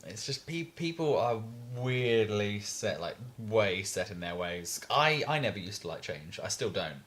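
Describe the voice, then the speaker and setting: A man's voice: fairly low pitch, sing-song, a bit bright. A young man co-hosting a podcast in casual chat, telling rambling stories full of restarts and fillers. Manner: rambling storyteller, halting with many restarts. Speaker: podcast co-host.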